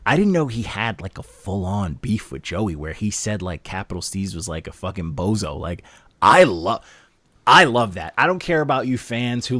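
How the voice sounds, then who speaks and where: A man's voice: lowish voice, no room sound. A young man co-hosting a casual music review podcast, ranting animatedly and swearing a lot. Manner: animated, profane, quick rants. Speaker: podcast co-host reviewing albums. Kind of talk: casual chat.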